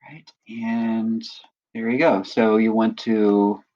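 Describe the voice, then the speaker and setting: A man acting as instructor, patiently walking through a software tutorial and often checking in with listeners. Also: lowish voice, level tone, slow, muffled recording. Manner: patient step-by-step explaining, often checks in with "right?". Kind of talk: screen-recorded software tutorial.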